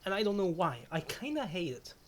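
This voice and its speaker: A woman's voice: on the low side, sing-song, brisk, slight background noise. Giggly, stammering woman streamer. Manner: giggly, stammers and restarts often; self-deprecating, swears when startled. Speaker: game streamer. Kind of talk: casual live-stream chat. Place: at home.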